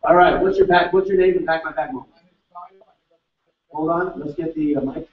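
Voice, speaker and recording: A fairly high-voiced man runs a live seminar, firing quick questions at the crowd. He sounds distant and echoey, as if miked from across a big hall, and the sound is a little dull. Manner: energetic, quizzing the audience with quick questions. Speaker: seminar speaker. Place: large seminar room with live audience.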